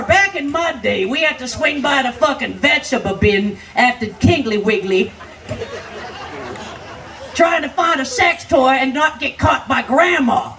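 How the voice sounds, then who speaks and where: An older woman belts out crude stand-up comedy in a high, brash voice, hammering her punchlines. She sounds far from the mic, with a loud party crowd and noise all around. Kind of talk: raunchy live stand-up. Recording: live stage sound, distant, crowd noise. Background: noisy party crowd.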